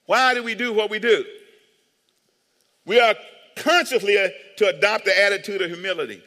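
Male pastor, high and bright, animated joking sermon delivery, long church reverb. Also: moderate pace. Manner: animated, joking, calls for amens. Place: church sanctuary.

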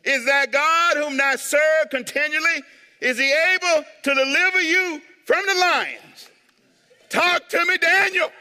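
A man acting out an ancient king who cries out in anguish for his servant, pleading and loud. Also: measured pace, big-room sound, full character voice. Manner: loud, pleading, high-pitched.

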